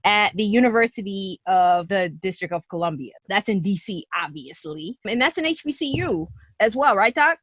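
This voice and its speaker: Woman podcast host, playful and chatty, animated pitch. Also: normal speed, few pauses, dry recording. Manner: upbeat, playful, laughs often. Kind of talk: casual podcast chat.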